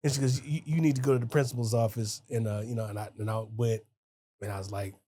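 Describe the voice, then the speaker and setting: A man's voice: mid-range voice, fairly even intonation, fast, mellow. A man in casual podcast chat, telling a rambling, wisecracking story about a teacher. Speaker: podcast co-host.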